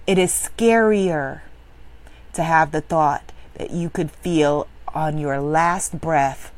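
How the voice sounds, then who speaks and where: A woman working as a spiritual business coach, giving a motivational speech in an emphatic, preachy way that swings from loud exclaiming to low, intense affirmations. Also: slow.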